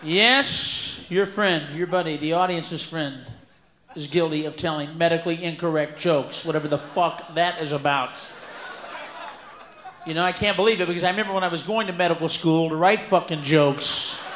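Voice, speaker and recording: A man performing a stand-up comedy set on a live stage, loud and profane, often breaking into shouts. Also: on the high side, moderate pace. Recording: echoey live venue with room noise.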